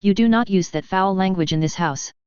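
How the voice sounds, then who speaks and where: A woman's voice: lowish voice, steady tone, a little fast, darkish tone, clean tone, dry recording, muffled recording, natural voice. A woman reading the part of a harsh, bossy aunt who scolds and commands. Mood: scolding.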